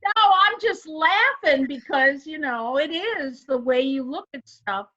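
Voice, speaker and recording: A woman's voice: sits high, lively intonation, measured pace, sharp tone, muffled recording. A woman co-hosting a casual inspirational chat, earnest and emphatic, who asks rhetorical questions. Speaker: co-host.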